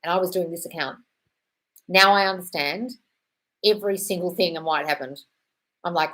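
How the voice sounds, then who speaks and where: A woman's voice: fairly low pitch, normal speed, pauses often, a bit bright. A young British woman hosting a casual live Q&A, blunt and swearing freely, calling listeners darling. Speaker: host answering viewer questions.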